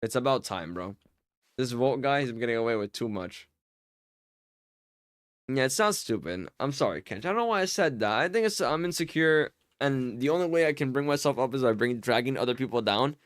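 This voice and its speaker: A man with a medium-pitched, animated voice streams a game live, talking briskly in clean studio sound with no room echo. He casually chats with viewers and teases them with mock offense, often stammering and repeating words as he jokes.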